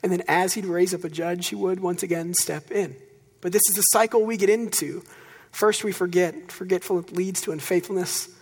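A man preaching a sermon in a relaxed, conversational storytelling way, with dry self-deprecating humor. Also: high-pitched, moderate pace, long reverb tail. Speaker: pastor.

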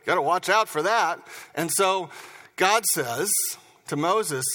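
An older man preaching a sermon as pastor, talking in a conversational, animated way with asides. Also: high-pitched, takes it slowly. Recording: reverberant hall.

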